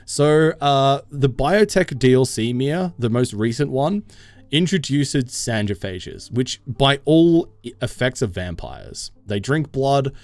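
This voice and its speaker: A man's voice: medium pitch, sing-song, slow, darkish tone, no echo. A man streaming a game live, chatting casually with his viewers and laughing often.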